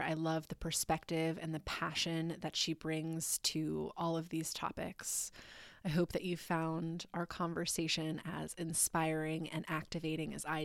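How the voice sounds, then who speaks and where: A woman's voice: deep voice, clear, resonant tone, no room sound, clean studio sound. A woman hosting a podcast, speaking in a gushing, enthusiastic and affirming way. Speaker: podcast host. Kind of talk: casual conversational interview.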